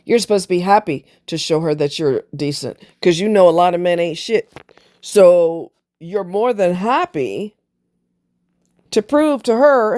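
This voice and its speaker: A woman's voice: fairly low pitch, animated, a little slow, a little mellow. A woman delivering a blunt, emphatic, preachy monologue on relationships, casually swearing as she makes her points. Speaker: relationship commentator. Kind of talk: opinionated monologue.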